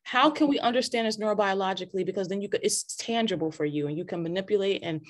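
Woman, host, casual faith talk, animated, preachy, many restarts, video call. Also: medium pitch, fast talker. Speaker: podcast host.

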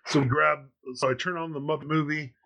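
A podcast host in his thirties with a slightly high voice, chatting casually. He tells a long story in a loose, rambling way, full of ums and uhs. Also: steady tone, a little fast, vocal fry, pushed and bright. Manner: rambling anecdotal storytelling with many fillers. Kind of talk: casual chat.

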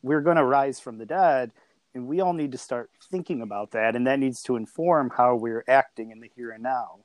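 A man's voice: medium pitch, normal speed, no echo. Guy talking it through, keeps saying right?, dry close sound. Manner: thoughtful, checks in with 'right?'. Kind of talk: casual discussion.

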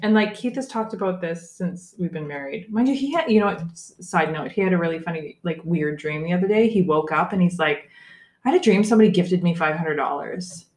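A young woman with a fairly low voice, chatting casually and wandering between topics with plenty of fillers. Her voice sounds roomy and echoey. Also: darkish tone. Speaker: podcast co-host. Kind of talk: casual chat.

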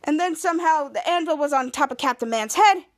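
A podcast host with a high voice retells a TV episode scene by scene. She rambles through it, quoting each character's lines with small shifts in her voice. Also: animated, brisk. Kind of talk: casual episode recap.

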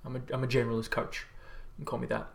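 A man's voice: medium pitch, monotone, racing. An Australian man chatting casually on a livestream, reading out viewer comments and rambling with free swearing. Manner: rambling, laid-back, swears freely. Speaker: livestreamer and health coach.

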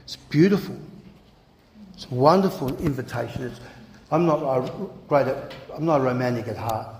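A pastor preaching a sermon in a lively, conversational way, often repeating words as he goes. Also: medium pitch, normal speed, slight background noise. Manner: animated, conversational, repeats words and acts out quotes. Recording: echoey hall with long reverb.

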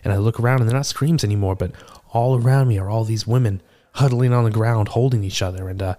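A man playing a seasoned male tortle cleric, telling a rambling, animated, self-deprecating tavern tale in a tabletop game. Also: lowish voice, fast talker, natural voice. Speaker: player. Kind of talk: in-character tavern storytelling.

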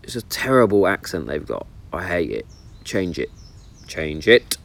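A fairly low-pitched man talks in a loose, sweary, opinionated way about football. He's recording outdoors in the countryside, with birdsong and open-air ambience behind him. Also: sing-song, moderate pace, gravelly. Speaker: vlogger. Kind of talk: casual chat.

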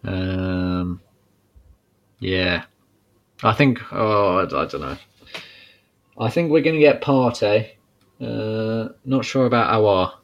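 Male co-host, lowish voice, relaxed and giggly, lots of ums. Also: slow, creaky, pauses often, lo-fi sound. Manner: easygoing, laughs often, hesitant fillers. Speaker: podcast co-host. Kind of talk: casual chat.

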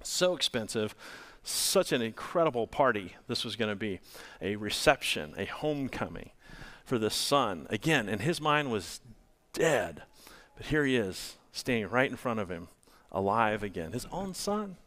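A man's voice: on the low side, sing-song, normal speed, a bit bright. A male pastor preaching a sermon, asking the congregation rhetorical questions.

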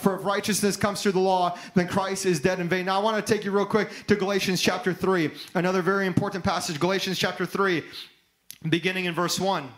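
A pastor preaching an emphatic sermon, building to fervent exclamations. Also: male voice, sits high, fairly bright tone, poor audio.

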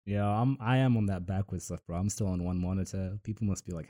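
Young male podcast host, low-pitched, relaxed and joking, casual banter. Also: fast talker, hardly any pauses. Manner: laid-back, jokey, laughs often. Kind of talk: casual chat.

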